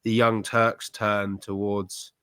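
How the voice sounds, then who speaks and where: A man co-hosting a podcast, talking in a blunt, sweary, animated rant. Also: fairly low pitch, takes it slowly, clean tone, no echo. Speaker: podcast co-host. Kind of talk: ranty casual chat.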